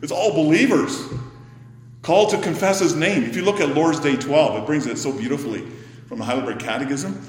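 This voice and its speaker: A man preaching a sermon, swinging from loud emphatic bursts to hushed, whispered lines. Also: on the high side, brisk. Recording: echoey hall, faint ambience.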